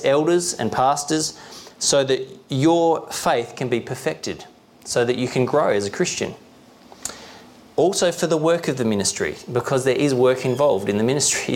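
A man's voice: medium pitch, slight background noise. A young man preaching a sermon as pastor, explaining plainly in a conversational way, often checking in with the congregation and chuckling now and then. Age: young adult.

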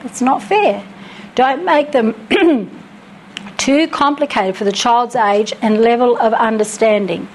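Woman, middle-aged, slightly high voice, earnest, practical, teaching from notes, chatty asides. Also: slow, a little hiss or hum, poor audio. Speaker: Christian parenting teacher.

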